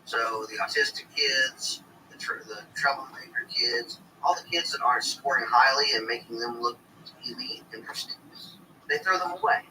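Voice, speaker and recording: Very bright indignant man, far off. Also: mid-range voice, moderate pace, a little hiss or hum. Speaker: local official. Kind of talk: casual discussion.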